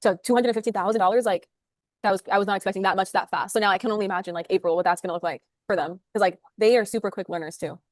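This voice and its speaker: A woman, a sales manager, talking fast and upbeat as an interview guest over a video call, with lots of "like" fillers. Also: medium pitch, steady tone, no echo, clean studio sound. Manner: rapid, upbeat, full of "like" fillers.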